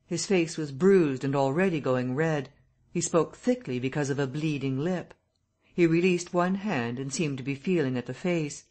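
A man reading a classic novel aloud as an audiobook narrator, telling the story in a steady, even way. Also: fairly high pitch, normal speed.

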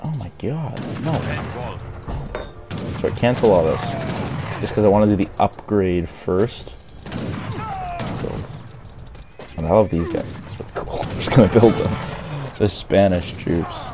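A man's voice: sits low, measured pace, long pauses, music in the background. A young man doing casual let's-play commentary, chatty and self-deprecating, laughing often. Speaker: gaming host.

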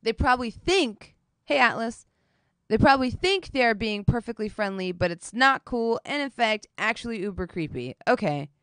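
A woman's voice: fairly high pitch, expressive, normal speed, a bit bright, dry recording. A woman streaming, chatting casually with her viewers while doing her makeup, telling a story animatedly and swearing often.

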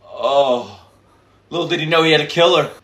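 A man's voice: fairly high pitch, moderate pace, fairly bright tone, husky. A man reacting to an anime episode, talking back to the screen, swearing and getting emotional.

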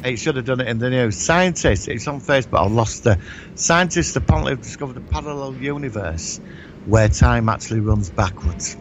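Man, podcast co-host, rambling animated storytelling, swears, mid-pitched voice, constant background hiss. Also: a little fast, muffled recording. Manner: rambling, animated retelling with sound effects and swearing. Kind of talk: casual chat.

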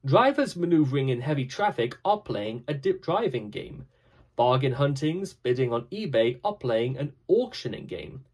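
A man reading a scripted reflective talk with dry, wry humor and a measured, explanatory delivery. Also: mid-range voice, a little mellow. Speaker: speaker giving a short reflective talk.

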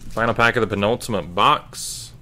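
A man's voice: on the low side, normal speed, bright, forceful tone. A man hosting a live trading card break, casually calling out each card as he opens packs.

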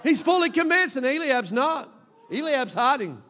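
A man preaching an emphatic, animated sermon as a pastor, with bursts of shouting. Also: very high voice, normal speed. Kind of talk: lively sermon. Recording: long reverb of a large hall.

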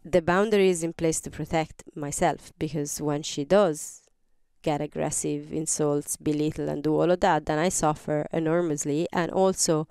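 Very smooth, clear woman's voice. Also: deep voice, steady tone, moderate pace, a little mellow, dry recording, clean studio sound. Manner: earnest, explains step by step with examples. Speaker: podcast host. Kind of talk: advice talk.

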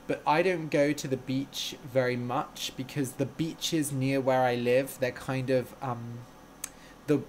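Slow-talking man reading viewer comments. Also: mid-range voice, slight background noise. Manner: slow, deliberate, friendly speech with fillers. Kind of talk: live stream chat.

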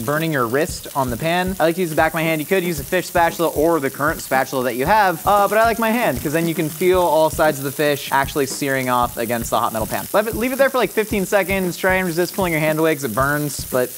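A man's voice: fairly high pitch, fairly bright tone, a little hiss or hum. A young man from Southern California with a Southern Californian accent, hosting a cooking show in a jokey, rambling, self-mocking way. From Orange County, California. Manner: goofy, rambling, self-mocking, laughs at his own puns. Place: studio kitchen.

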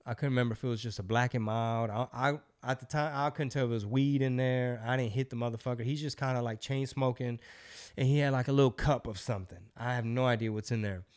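A man's voice: mid-range voice, fast talker. A middle-aged man hosting a podcast, telling a long story in a loose, profane, casual way. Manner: loose, profane, animated storyteller who acts out quotes. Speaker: podcast host.

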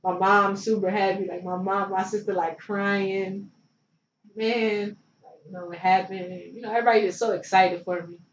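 At normal speed and medium pitch, her tone level, a young former pro basketball player from Philadelphia chats loosely about her life as an interview guest, leaning on likes and you knows. The audio is roomy and distant, dull-sounding, with a faint noise.

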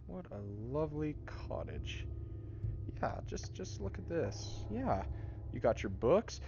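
A young man narrates his own fright as he plays, talking to himself and yelping when startled. His voice swoops up and down in a lively way, and it sits a touch high for a man. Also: slow pace, muffled recording, noisy background. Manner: jumpy, exclaiming, nervous laughs, talks to himself. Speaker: friend trying a VR game. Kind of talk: live reactions while playing a horror game. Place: friend's home.

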